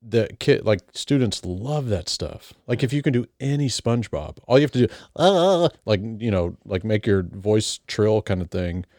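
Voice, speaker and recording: A man's voice: fairly low pitch, moderate pace, hardly any pauses, darkish tone, dry recording, studio quality. A man co-hosting a casual chat, rambling and teasing with lots of fillers. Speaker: podcast co-host.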